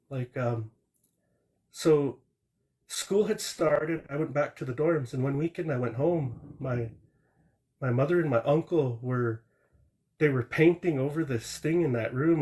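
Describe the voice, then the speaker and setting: A man tells a true ghost story as a guest on a live stream. His voice sits at an ordinary middle pitch. He rambles in a plain-spoken way, restarting sentences and adding asides as he goes. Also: a little mellow. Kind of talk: casual storytelling.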